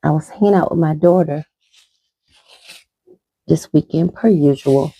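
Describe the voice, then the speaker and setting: A woman's voice: deep voice, measured pace, mellow, no room sound. A middle-aged woman rambling chattily through a makeup tutorial, talking as she applies it. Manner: rambling, chatty, talks while applying makeup. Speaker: makeup vlogger. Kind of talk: casual makeup tutorial chat.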